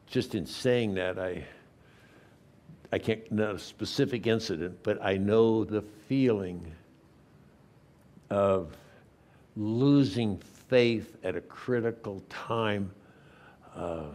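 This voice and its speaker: A man preaching a sermon, retelling a story with animated, acted-out asides in a church. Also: on the low side. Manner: animated storytelling, acting out the disciples in quick lively asides. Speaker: pastor.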